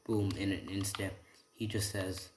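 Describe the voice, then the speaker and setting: Man, casual rambling storyteller, very low voice, echoey room. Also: little pitch movement, a little slow, a little mellow. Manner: rambling, keeps asking "right?". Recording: roomy room echo, faint noise.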